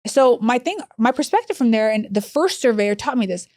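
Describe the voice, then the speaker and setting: Animated woman telling stories, dry sound. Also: a little fast, dry recording. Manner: animated, acts out quoted voices with big pitch jumps. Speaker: hospice executive guest. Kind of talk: podcast interview storytelling.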